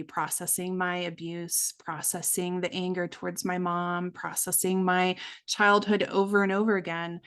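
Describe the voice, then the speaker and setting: A middle-aged woman speaking as a podcast guest, telling a candid personal story in an earnest way and acting out the voices she quotes. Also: lowish voice. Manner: earnest, acts out quoted voices, many fillers.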